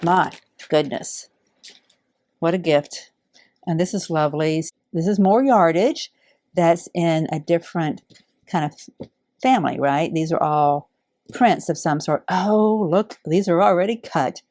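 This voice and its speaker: A middle-aged woman, warmly unboxing donated fabric in heartfelt, awed casual chat. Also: lowish voice, measured pace, no echo, studio quality. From Alabama. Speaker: quilting channel host.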